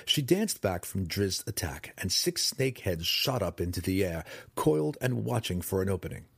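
A man narrating a fantasy audiobook in a dramatic, expressive reading style, close to the mic. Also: low voice, moderate pace, creaky, slightly rough, no room sound.

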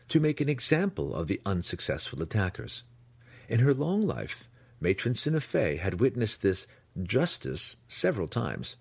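A man narrating a fantasy audiobook in an expressive storytelling manner, voicing the characters. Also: deep voice, slightly rough, no room sound.

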